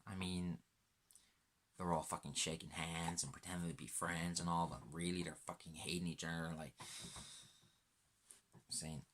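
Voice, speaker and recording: A man's voice: deep voice, little pitch movement, normal speed, fairly bright tone, slight background noise. A man in a rambling, profanity-laden monologue as a laid-back self-described stoner, sometimes dropping into a whisper.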